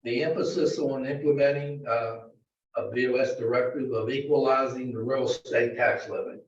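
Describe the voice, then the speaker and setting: A man presenting a county budget to a board in a halting, filler-heavy way, recorded in a meeting room. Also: medium pitch, fairly even intonation. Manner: halting, many fillers and restarts. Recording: distant, very echoey, dull meeting-room audio.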